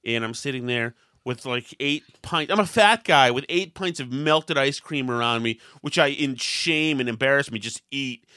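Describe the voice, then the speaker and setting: A man's voice: medium pitch, normal speed, few pauses, pushed and bright, clean tone, no echo, clean studio sound. A man hosting a podcast, telling a self-deprecating story in casual chat and acting out the quotes with lots of animation. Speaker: podcast host.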